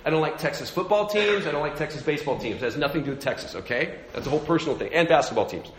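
A man with a high voice preaches in a casual, storytelling way, talking to his congregation like he is chatting with friends. The sound rings out through a big room with long reverb. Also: lively intonation, racing. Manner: conversational storytelling. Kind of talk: sermon. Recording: echoey hall with long reverb.

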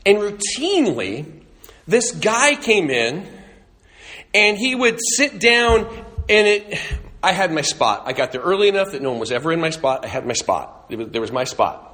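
A man's voice: on the high side, very animated, moderate pace, sharp tone. A man preaching a sermon as a pastor, telling a story in a conversational way with humorous asides.

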